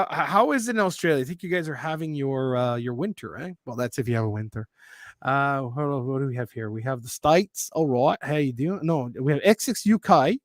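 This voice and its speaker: Man from quebec, casual stream co-host, excitable, slightly high voice, dry sound. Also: dry recording. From Quebec, Canada. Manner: excitable, reads out viewer locations. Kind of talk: casual live-stream chat.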